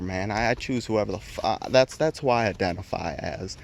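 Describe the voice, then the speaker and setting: A man's voice: fairly low pitch, a little fast, gravelly, few pauses. A man vlogging an opinion rant, heated and rambling, swearing constantly and restarting his sentences.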